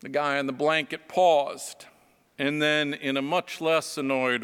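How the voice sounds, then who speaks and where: A man, a pastor, preaching a sermon and telling stories in a slow, reflective way. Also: a little high, little pitch movement, a bit bright, smooth, in a large hall. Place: church.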